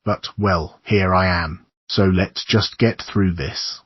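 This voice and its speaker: Audiobook: male reader as a steady, reassuring young man; low, husky, gentle. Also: takes it slowly, no echo, muffled recording, full character voice. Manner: gentle, coaxing delivery. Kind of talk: audiobook character reading.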